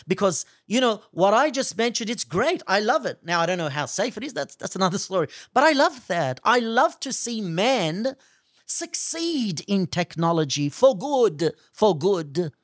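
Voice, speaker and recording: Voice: medium pitch, sing-song, a little slow, dry recording, studio quality. A preacher giving a fervent sermon, often speaking in the first person as God and pressing pointed questions. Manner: fervent, speaks at length in God's voice.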